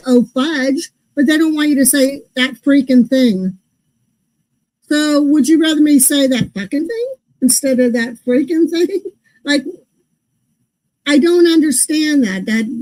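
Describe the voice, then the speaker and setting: Woman, casual podcast co-host, high voice, mellow tone, puzzled ranting. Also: a little slow, low-quality recording. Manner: ranting, puzzled about everyday pet peeves. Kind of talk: casual chat.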